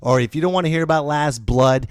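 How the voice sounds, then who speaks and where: A man's voice: on the high side, quick pace, clear, resonant tone, dry recording, clean studio sound. A man hosting a comedy podcast, ranting about a movie in an exaggerated, profane way. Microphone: podcast mic.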